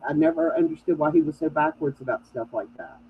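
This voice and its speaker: A woman's voice: deep voice, lively intonation, fast. A middle-aged woman telling family stories with laughs in a casual chat. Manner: storytelling, laughing at family anecdotes. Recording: dull lo-fi sound with faint noise.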